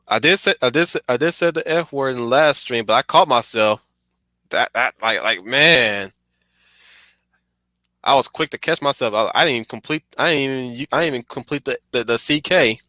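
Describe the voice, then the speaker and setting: A man's voice: medium pitch, normal speed, sharp tone, dry recording. A man streaming a casual, rambling film commentary, stuttering and restarting his sentences often.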